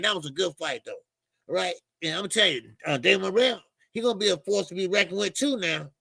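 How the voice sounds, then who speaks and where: High-voiced gravelly guy, bright sharp tone, rants about boxing, dry close sound. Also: dry recording. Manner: emphatic, repetitive, slangy, calls listeners "baby". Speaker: boxing channel host. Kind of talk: animated boxing commentary rant.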